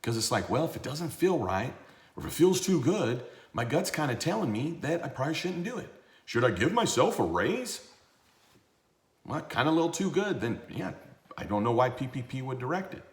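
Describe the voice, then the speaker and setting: A lively man delivering blunt, sarcastic commentary, his pitch jumping all over as he rants. His middle-range voice rings a little in a roomy space. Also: moderate pace. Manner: animated and blunt, with a sarcastic edge. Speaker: CPA and tax educator. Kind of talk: ranting video commentary.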